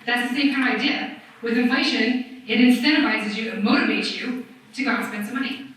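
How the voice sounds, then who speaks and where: A woman's voice: on the high side, fairly quick. A woman presenting at a live seminar, joking and quizzing the audience. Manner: lively, joking, asks the audience questions. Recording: echoey hall from far off.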